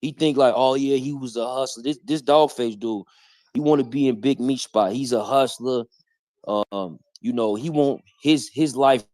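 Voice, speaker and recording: A man hosts a live stream and picks apart claims in blunt, confrontational street slang. His voice sits at an everyday pitch. The sound is dry, with no room echo. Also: measured pace, a little mellow. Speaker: stream host. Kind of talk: heated live-stream commentary.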